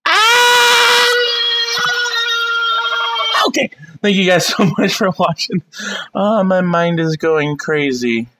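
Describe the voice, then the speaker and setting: A woman vlogger with a raspy, smoker-like voice, talking in a chaotic, self-mocking way, swearing and bursting into shrieks. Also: fairly low pitch, expressive, measured pace, slight background noise. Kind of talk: chaotic casual vlog with shouted singing along.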